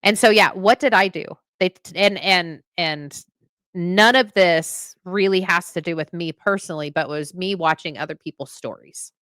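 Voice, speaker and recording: A woman in her thirties, a podcast co-host and veteran, talking in a heartfelt, halting way and reading a poem. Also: on the low side, a bit bright, dry recording. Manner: emotional, halting with restarts.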